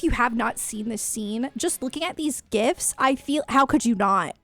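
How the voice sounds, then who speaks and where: Young female streamer, bright-leaning pitch, rambling fangirl chat, faint music behind. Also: expressive, normal speed, few pauses. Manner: gushing fan talk, full of "like" and "um". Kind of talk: casual livestream chat.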